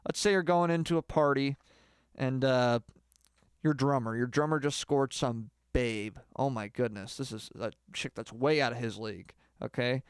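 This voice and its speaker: A man giving a deadpan mock singing lesson, rambling and halting with lots of filler words. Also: a little high, clean tone, no echo, clean studio sound. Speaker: comedy mock singing teacher.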